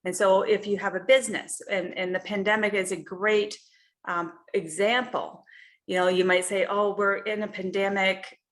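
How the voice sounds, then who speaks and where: A woman's voice: medium pitch, steady tone, moderate pace. A woman health coach giving a casual coaching talk over a video call, speaking conversationally and often checking in with "you know" and "right?".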